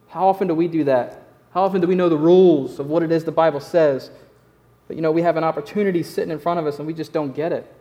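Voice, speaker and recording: A man's voice: a little high, mellow, dull audio. A man preaching a sermon in a conversational, emphatic way, repeating his key phrases for weight. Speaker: pastor.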